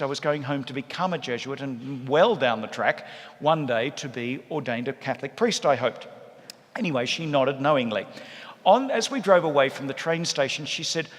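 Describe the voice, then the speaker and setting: A man, a priest, giving a sermon in a church with lively, humorous storytelling. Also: mid-range voice, moderate pace. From Australia. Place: large church. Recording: echoey church hall.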